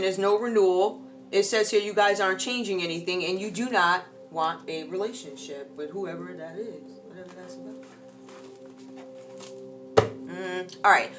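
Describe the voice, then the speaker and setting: Woman tarot reader, casual and animated, slangy asides, soft music bed underneath. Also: medium pitch. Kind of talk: casual tarot reading monologue.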